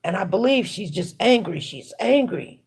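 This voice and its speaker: Woman host, mid-pitched husky voice, casual livestream musing, emphatic and repetitive. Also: expressive, normal speed, darkish tone. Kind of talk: casual spoken reflection while working.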